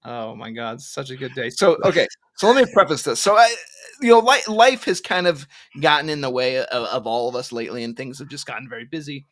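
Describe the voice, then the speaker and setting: A man's voice: medium pitch, a little fast. A man guesting on a casual live stream, telling a story and acting out the quotes. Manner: animated storyteller, acts out quotes.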